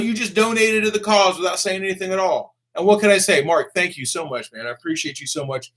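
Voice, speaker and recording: A young man with a fairly high, bright, forceful voice, chatting casually on a live stream. He reads viewers' comments aloud, swears easily and keeps calling people dude and man. Now and then he bursts into excited shouts. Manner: laid-back, swears freely, calls everyone dude and man; bursts of excitement and quick laughs. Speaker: motorcycle vlogger reading live-stream donations.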